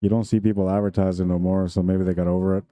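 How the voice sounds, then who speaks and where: A man's voice: low-pitched, level tone, rapid-fire, dark tone, muffled recording. A man commentating a pool tournament live stream, chatty and jokey, laughing often between remarks.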